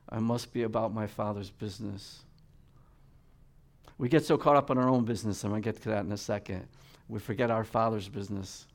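Reading scripture during a sermon, the preacher alternates between booming, forceful high points and soft, hushed asides.

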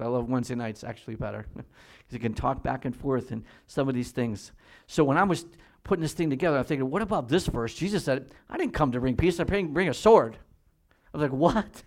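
A man preaching a sermon from the pulpit, in a mid-pitched voice. He reads scripture slowly and deliberately, dropping to quiet, measured emphasis, then climbs to loud, higher-pitched exhortation. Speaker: pastor.

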